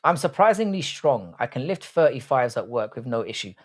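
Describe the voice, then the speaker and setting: Brief: male livestream host, mid-pitched, loose and crude, swears freely while reading chat aloud. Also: very animated, fairly quick. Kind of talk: casual live chat.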